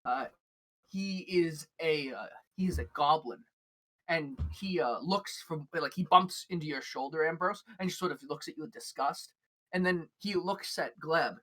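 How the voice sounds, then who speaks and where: A woman's voice: low voice, unhurried, fairly bright tone. A woman narrating as game master, rambling with many fillers and restarts.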